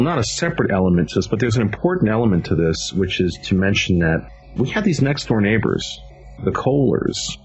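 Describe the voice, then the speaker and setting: A middle-aged man giving a vivid, animated first-hand account as a witness, often restarting his sentences. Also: on the low side. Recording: dull lo-fi audio with faint music.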